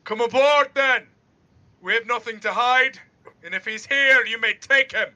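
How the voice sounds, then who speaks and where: A man voicing a loud, blustering ship captain in a tabletop game, shouting theatrically. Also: extremely high pitch, measured pace, lo-fi sound, voice pushed up, full character voice. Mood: bluffing.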